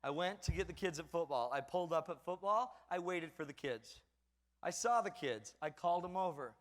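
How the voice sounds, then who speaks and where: Acting out family scenes at his own expense, a middle-aged parenting speaker entertains an audience with a comedic talk. His voice is fairly high and animated at a moderate pace, trailed by a long reverb tail.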